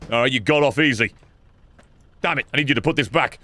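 A young man giving sarcastic, swearing commentary while playing a game, with sudden loud outbursts. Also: medium pitch, fast, long pauses. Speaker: gaming YouTuber. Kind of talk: let's play commentary.

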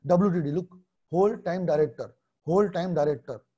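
A man's voice: on the high side, a little fast, dark tone, husky, highs cut off. A man in his thirties with an Indian English accent, teaching an online exam-prep lecture in a blunt, repetitive way and mixing in Hindi phrases.

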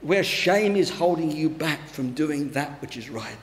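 A man's voice: on the high side, animated, unhurried. A man preaching a sermon as a pastor, in a conversational, storytelling way, in a church hall. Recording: roomy church hall with long reverb.

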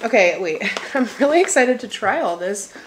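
A young woman, her voice a little high and lively, chats casually at normal speed with her vlog audience from inside her home. She is a bubbly, talkative lifestyle vlogger who laughs often. The recording sounds echoey and carries a slight hiss or hum.

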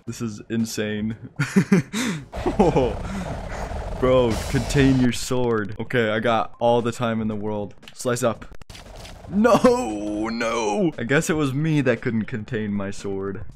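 A young man giving casual gameplay commentary, excitable and jokey, often laughing. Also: medium pitch. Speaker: gaming YouTuber.

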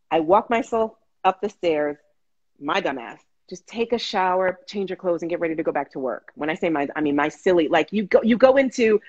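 Husky-voiced woman telling a story. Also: fairly low pitch, moderate pace, highs cut off. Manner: animated, restarts, acts out quotes. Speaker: guest. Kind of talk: casual storytelling.

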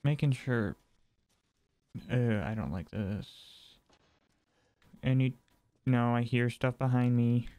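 A man's voice: mid-range voice, slow, pauses often, mellow, dry recording. A man giving let's play commentary on a horror game, talking to himself, jumpy and wry as he explores. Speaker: gaming channel host.

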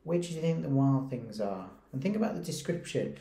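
A man, a primary school teacher reading a picture book aloud and stopping to ask his pupils gentle questions. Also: medium pitch, animated, vocal fry. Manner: gentle, questioning, reads slowly and pauses to ask. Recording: roomy echoey recording.

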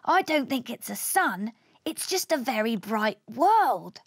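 A woman's voice: fairly high pitch, big pitch swings, slow pace, no echo, clean studio sound, exaggerated voice. A woman voicing a timid, small male alien explorer in a storybook, speaking in a nervous, fretful way.

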